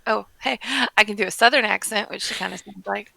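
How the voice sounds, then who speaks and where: A woman's voice: medium pitch, steady tone, fast talker, gravelly, hardly any pauses, bright, forceful tone, dry recording. A young woman streaming a game, reading along and making sarcastic, joking comments in casual chat.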